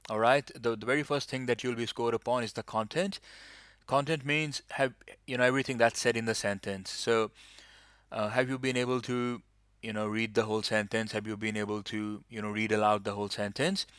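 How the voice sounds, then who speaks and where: A man's voice: medium pitch, flat delivery, brisk, fairly bright tone, clean tone, no room sound, studio quality. A man teaching an English speaking-test lesson, explaining patiently with many fillers. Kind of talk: online lesson.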